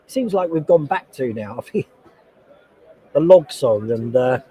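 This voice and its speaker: Wearing a noise-cancelling headset in a noisy convention hall, a man hosts a relaxed livestream in a mid-range voice with lively intonation, speaking a little slowly. He rambles and reads comments out loud.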